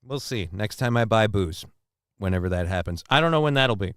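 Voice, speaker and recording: A man's voice: on the low side, animated, a little fast, a bit bright, clear, resonant tone, no room sound, studio quality. A man hosting a live talk stream, reacting to clips and reading out chat comments in a loose, profane way. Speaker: livestream talk show host.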